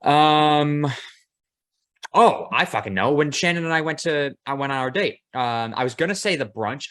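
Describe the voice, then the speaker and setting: A man's voice: fairly high pitch, normal speed. Easygoing swearing podcast host man. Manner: relaxed, easygoing, swears casually. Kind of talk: casual chat.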